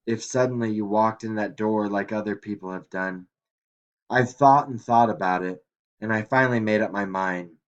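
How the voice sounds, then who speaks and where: A man's voice: on the low side, highs cut off, lightly acted. A man voicing a frail old grandmother in a nursing home, drifting and regretful, as he reads a story aloud. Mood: pleading. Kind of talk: audiobook reading.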